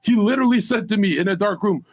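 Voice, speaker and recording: Brash man, husky voice, high pitch, profane storytelling on a panel. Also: quick pace. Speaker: panel guest. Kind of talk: heated panel banter.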